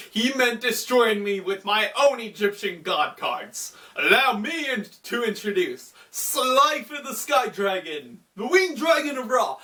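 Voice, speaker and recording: A man's voice: high-pitched, bright, forceful tone, recorded from a distance, pitched above the performer's own voice, full character voice. A man voicing a confident young male pharaoh who speaks in solemn declarations.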